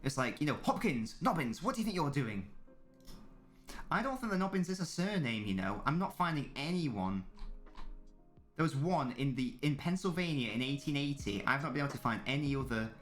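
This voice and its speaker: A man's voice: mid-range voice, lively intonation, brisk, a bit bright, soft background music. A man, chatting casually and joking as a live streamer reacting to a football match, rambling and swearing freely.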